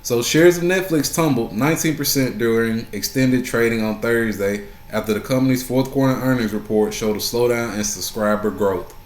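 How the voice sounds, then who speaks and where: A man talking through his trading day in an easygoing way. His voice sits at an ordinary pitch, and he keeps checking in with "right?" and says key points twice. The room around him is noticeably echoey. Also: moderate pace, few pauses. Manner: conversational, keeps asking "right?", repeats phrases for emphasis. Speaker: stock market vlogger. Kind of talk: casual market recap.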